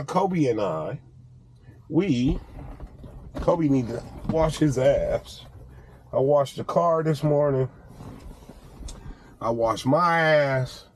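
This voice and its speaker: A man's voice: a little high, slight background noise. A man talking casually to camera in a vlog, telling stories with lots of swearing and laughter. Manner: animated storytelling, profane, laughs often. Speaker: vlogger.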